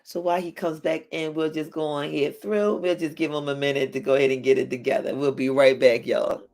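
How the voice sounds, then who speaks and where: A man's voice: fairly high pitch, fairly even intonation, brisk, vocal fry, a little mellow. A man hosting a live-streamed music show, upbeat and chatty, talking straight to his audience. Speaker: host.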